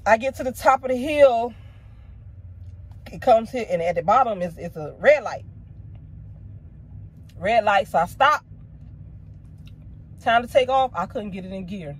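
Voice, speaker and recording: A woman's voice: fairly high pitch, lively intonation, unhurried, pauses often, husky. A woman vlogger casually telling a personal story to her viewers, candid and emotional, with slangy asides.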